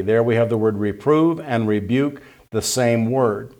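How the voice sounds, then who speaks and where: A pastor preaching an evening sermon to his church, teaching slowly and repeating key points as he reads scripture aloud. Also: mid-range voice, darkish tone.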